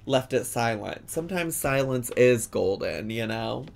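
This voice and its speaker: A man commentating casually over a cooking video, chatty and swearing with sudden excited outbursts. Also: medium pitch, unhurried, creaky, noisy background. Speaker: host reacting to a cooking video.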